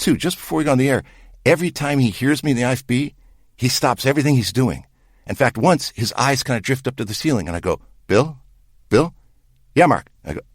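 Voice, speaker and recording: A man's voice: mid-range voice, no room sound. A man, a TV director, telling an anecdote with dry humor, imitating the others. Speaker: TV director, interviewee. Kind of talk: animated anecdote.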